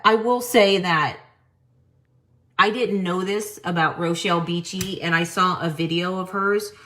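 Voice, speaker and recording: A woman's voice: on the low side, fairly bright tone. A woman hosting a live-selling show, ranting on her stream with mocking, exasperated disbelief and free swearing. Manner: swears freely.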